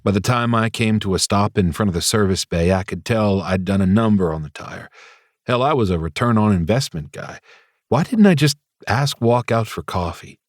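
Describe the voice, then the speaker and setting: Deep-voiced male audiobook narrator. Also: lively intonation, moderate pace, no echo, studio quality. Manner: wry, confiding inner monologue. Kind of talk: first-person audiobook narration.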